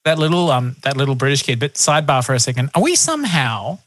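An Australian man co-hosting a podcast who talks in a chatty, teasing way while leading segments. He sits at a mid pitch, and the recording is dry and close. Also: sing-song, quick pace, fairly bright tone, dry recording. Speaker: podcast co-host. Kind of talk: casual podcast chat.

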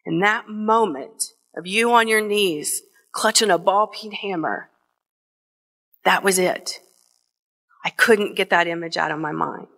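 A middle-aged woman from Northwest Ohio telling a personal story on stage, slow and deliberate with emotional pauses. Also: mid-range voice, fairly bright tone. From Northwest Ohio, USA. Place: theater stage before an audience.

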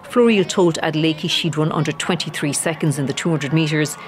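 Reporter narrating a sports profile, mid-pitched, steady delivery, faint music underneath. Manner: measured news voice-over. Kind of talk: scripted narration.

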